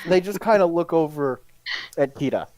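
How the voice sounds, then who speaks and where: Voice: medium pitch, animated, normal speed, crowd noise. A game master narrating a tabletop game in a casual manner, laughing and using fillers.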